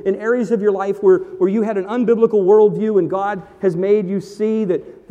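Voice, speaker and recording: Emphatic high-voiced male pastor preaching. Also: warm tone, muffled recording. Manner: emphatic, repeats key phrases for effect. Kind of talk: sermon. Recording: long reverb of a large hall.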